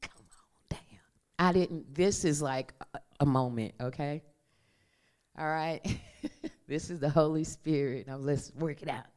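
A woman preaching a sermon, calling on the congregation to repeat after her and dropping from loud exclamations to near-whispers. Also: sits low, measured pace, long pauses. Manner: animated, call-and-response with congregation.

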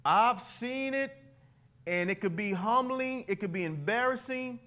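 A man preaching a sermon as pastor, animated and conversational, drawing call-and-response from his congregation. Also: very high voice, measured pace.

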